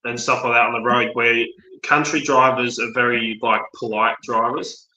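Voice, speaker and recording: Blunt Australian man, bright roomy voice. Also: mid-range voice, level tone, normal speed. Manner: blunt, swearing storyteller. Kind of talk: casual chat. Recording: roomy sound.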